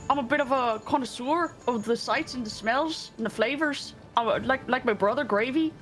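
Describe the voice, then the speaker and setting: A woman's voice: sits high, moderate pace, fairly bright tone. A woman playing an eager young dog-folk boy.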